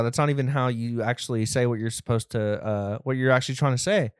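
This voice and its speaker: A young man rambles through his casual comedy podcast in a close, dry sound with no room around him. He talks in a middling voice, halting and a little nervous, with plenty of ums and uhs. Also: mid-range voice, steady tone, smooth, no echo. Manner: rambling, nervous, with many fillers. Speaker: podcast host.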